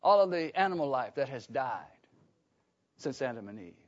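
A man's sermon comes through a dull lo-fi recording, his medium-pitched voice swinging widely in pitch at a normal pace. He preaches in a conversational manner, restarting sentences often and drawing his congregation into call-and-response questions.

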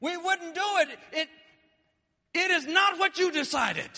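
A man preaching a sermon with passion, dropping low and then rising to shouts. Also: animated, unhurried, long reverb tail. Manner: impassioned, swings between quiet and shouting.

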